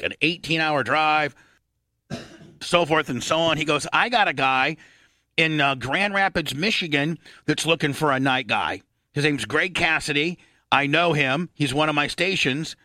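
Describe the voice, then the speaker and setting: A middle-aged man from Indiana hosting a radio talk show, telling a long story, swearing freely and clearing his throat often. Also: a little high, normal speed, bright, forceful tone, no echo, clean studio sound.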